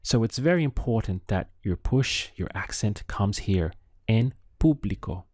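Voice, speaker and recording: A man teaching a language lesson, enunciating each phrase slowly and carefully. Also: lowish voice, animated, darkish tone, dry recording, studio quality.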